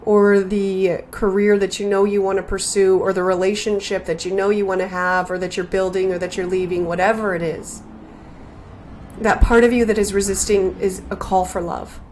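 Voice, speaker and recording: A woman hosts a spiritual podcast in a slow, earnest voice. She sits in the middle of the range for pitch and keeps her delivery reflective and heartfelt. She often repeats her phrases as she builds each thought. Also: little pitch movement, a little mellow, a little hiss or hum. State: emotional, near tears.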